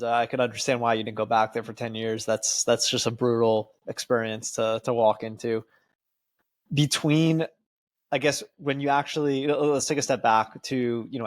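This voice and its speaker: A man's voice: mid-range voice, no room sound. A man hosting an interview, offering frequent short affirmations and asking follow-up questions. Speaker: podcast host.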